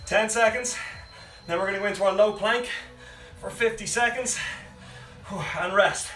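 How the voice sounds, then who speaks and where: Counting reps and cheering people on, this out-of-breath coach runs a home workout session live. He speaks at a normal pace in a high, fairly bright voice; the distant mic gives a roomy sound with faint background music.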